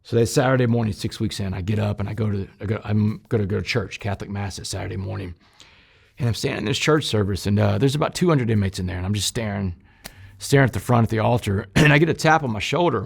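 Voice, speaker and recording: A man telling his personal story in an interview, shifting from loud, emphatic bursts to quiet, low passages and speaking straight to his listeners. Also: fast talker, gravelly, breathy edge. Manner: addresses listeners directly as "y'all". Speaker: interview guest recounting his past.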